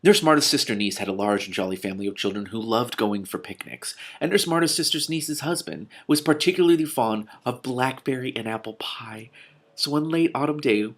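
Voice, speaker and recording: A man reading a children's novel aloud, breaking off with animated, exclaiming reactions. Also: mid-range voice. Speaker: reader and commentator.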